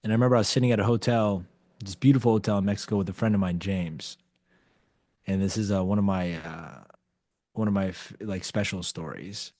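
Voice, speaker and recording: A man talking as a podcast guest in a casual storytelling style, animated, acting out the dialogue he quotes and often saying "like". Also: on the low side, brisk, dry recording, studio quality. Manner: animated storyteller who acts out quoted dialogue, frequent "like" fillers.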